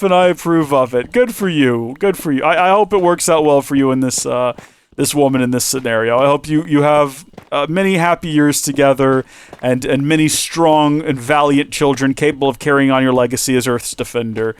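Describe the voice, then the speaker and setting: A man with a mid-range, clean-toned voice talks fairly quickly as he hosts a gaming channel. He rambles and jokes with viewers in chatty let's-play commentary, even as his voice starts to give out.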